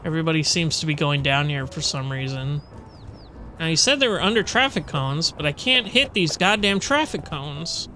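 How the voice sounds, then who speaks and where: A gamer giving casual running commentary over gameplay, chatty and swearing freely, with loud frustrated outbursts. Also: mid-range voice. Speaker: let's play gamer.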